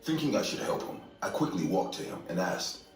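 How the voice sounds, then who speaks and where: A man narrating a scripted horror story in a steady, measured way. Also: sits low. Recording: echoey distant room, faint music.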